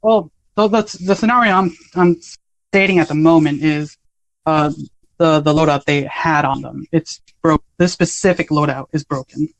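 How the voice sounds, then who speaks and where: A man's voice: a little high, normal speed, a bit bright, poor audio. A man co-hosting a casual gaming podcast, insistently clarifying what he means. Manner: insistent, clarifying his point. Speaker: podcast co-host.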